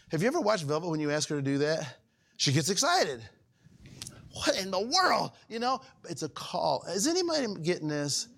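Male pastor, high-pitched, folksy conversational sermon with many asides to the congregation. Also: very animated, moderate pace. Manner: conversational preaching with frequent questions to the congregation; wide swings between raised and hushed delivery.

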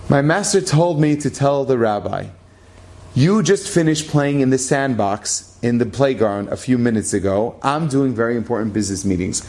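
A man's voice: medium pitch, expressive, normal speed, a little mellow, lightly acted. A man voicing a rich man's butler delivering a dismissive message.

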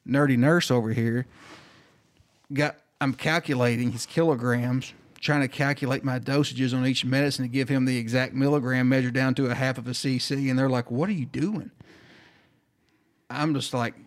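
Man, flight nurse guest on a podcast, animated storyteller who acts out every voice. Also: mid-range voice, a little fast. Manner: animated storyteller acting out dialogue.

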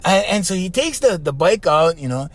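An older man with a Hawaiian accent, hosting a podcast and telling a story in a slangy, animated way with lots of repeats. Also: sits high, moderate pace. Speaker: podcast host. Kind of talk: casual storytelling.

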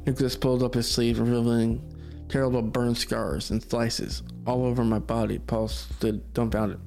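Brief: male podcast storyteller, casual and laid-back, mid pitch, soft music underneath. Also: level tone, normal speed, vocal fry, hardly any pauses. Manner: laid-back, swearing asides.

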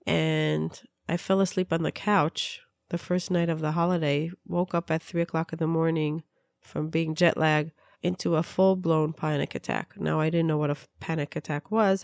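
A woman's voice: low voice, vocal fry, dry recording, clean studio sound. A middle-aged woman from Israel telling a personal story earnestly, often repeating words for emphasis. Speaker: speaker sharing a personal story.

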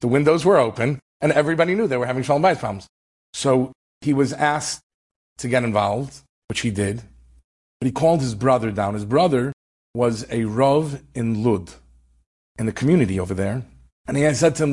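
A rabbi tells an inspirational story in an earnest, conversational manner. His voice is husky and sits at a middling pitch for a man. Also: normal speed, darkish tone.

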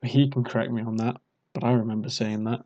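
A man's voice: medium pitch, little pitch movement, fast talker, warm tone, lo-fi sound. A young British man casually telling a rambling, self-mocking party story. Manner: rambling, self-mocking, acts out drunk quotes.

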